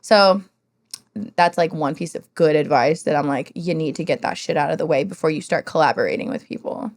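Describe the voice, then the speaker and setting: A woman guest on an interview podcast, telling candid stories in an animated way and swearing freely. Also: deep voice, brisk. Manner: animated, swears freely, acts out what others said.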